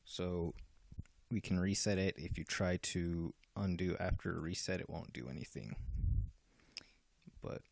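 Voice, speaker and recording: A man's voice: low-pitched, measured pace, gravelly, pauses often, no echo. A man casually walking through the features of a game program he made, explaining step by step with fillers and restarts. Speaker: game developer demoing his software. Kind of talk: casual software walkthrough.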